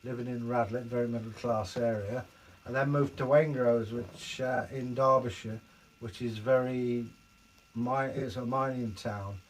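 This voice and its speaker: Man, casual livestream co-host, medium pitch. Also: fairly even intonation, a little slow, rough recording. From southern England. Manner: chatty, slips into accent impressions.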